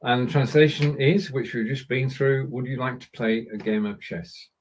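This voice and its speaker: A man's voice: medium pitch, steady tone, normal speed, rough recording. A man hosting a casual chat show, chatty and a little hesitant as he tries out German sentences. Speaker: podcast host. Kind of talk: casual chat, language lesson.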